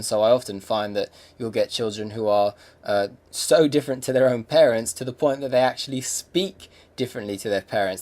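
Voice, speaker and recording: A young English man hosting a podcast, talking in a rambling, reflective monologue with many fillers and restarts. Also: medium pitch. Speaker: podcast host. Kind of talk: casual monologue.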